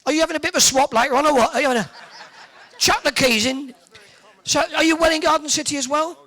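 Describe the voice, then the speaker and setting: In a very high-pitched, pushed and bright voice, a Hertfordshire man hosts a live event in an indoor hall, bantering cheekily with the audience. He's full of jokes, teasing and fast quips.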